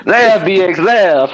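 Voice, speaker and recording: Lively-voiced man cracking crude jokes. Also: sits high, muffled recording. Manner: playful, crude, random jokes, laughs often. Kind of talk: casual group chat on a stream.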